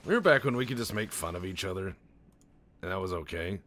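A man's voice: sits low, lively intonation, fast, fairly bright tone. A man doing rambling, profane, jokey let's-play commentary over a strategy game, tossing in goofy voices. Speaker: gaming channel host.

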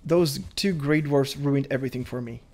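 A man's voice: mid-range voice, normal speed, a little mellow. Chatty nervous man narrating his gameplay. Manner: chatty, nervous laughs, thinks aloud. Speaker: gameplay commentator. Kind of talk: casual gameplay commentary.

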